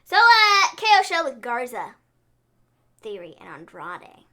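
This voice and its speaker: High, lively, giggly woman. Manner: giggly, animated, halting with restarts. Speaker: co-host of a wrestling recap show. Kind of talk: casual chat.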